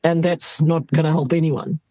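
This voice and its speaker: Middle-aged South African woman, ER doctor guest; husky, candid, animated storyteller, dry close sound. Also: low-pitched, normal speed, no echo, low-quality recording. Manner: animated, laughs while telling stories.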